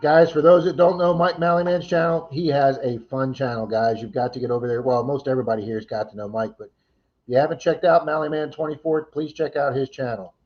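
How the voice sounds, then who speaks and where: This man's livestream is easygoing: he reads viewer comments, names and thanks the senders, and laughs often. His mid-range voice stays steady in tone but moves briskly, captured with lo-fi sound.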